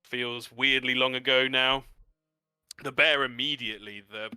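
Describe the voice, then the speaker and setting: Bright, crisp-voiced man running a tabletop game. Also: medium pitch, a little slow, no echo, soft background music. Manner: lively descriptive narration with sound effects. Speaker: game master.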